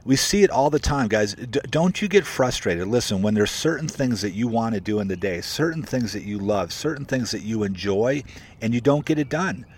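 A man talks casually to his viewers, coaching them toward happiness and discipline. He is emphatic and repeats himself for effect, calling his audience "guys" as he goes. His voice sits at an ordinary, mid-range pitch for a man. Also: animated, moderate pace. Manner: conversational and emphatic, repeats points, says "guys" often; greets viewers by name while talking. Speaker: motivational vlogger and coach for real estate agents. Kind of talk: casual motivational talk to camera.

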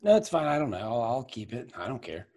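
A man's voice: mid-range voice, sing-song, fast, a loud crowd. A man in a casual group chat, joking around and trailing off with ums.

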